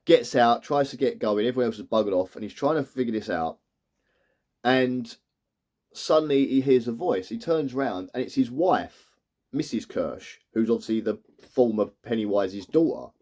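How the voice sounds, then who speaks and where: A man's voice: medium pitch, expressive, moderate pace, a little mellow. Man, tearful, rambling recap, acts out lines. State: tearful, emotional. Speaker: TV reviewer. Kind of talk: emotional episode recap.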